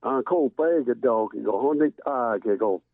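A man calling in from his car to give a prayer, speaking haltingly and repeating words as he restarts. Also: mid-range voice, lively intonation, creaky, dry recording. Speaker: caller giving an opening prayer. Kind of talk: spoken prayer over the phone. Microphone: phone call. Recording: tinny dry phone line.

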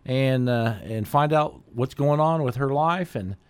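A man's voice: mid-range voice, measured pace, smooth, no room sound. A man hosting a community radio talk show in an easygoing, casual way. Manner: easygoing, with fillers and restarts.

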